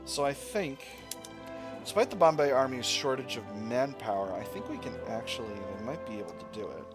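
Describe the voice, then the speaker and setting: A man talks through his strategy game moves in a relaxed, thinking-aloud way. His voice rises and falls in a lively way at a middle pitch, and background game music plays steadily under his words. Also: normal speed. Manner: thinking aloud, with fillers and self-corrections. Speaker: let's play gamer. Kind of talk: casual strategy game commentary.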